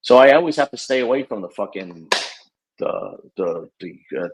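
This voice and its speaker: Male host, halting and stammery, easygoing chat. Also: mid-range voice, expressive, a little hiss or hum. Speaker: podcast host. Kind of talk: casual chat.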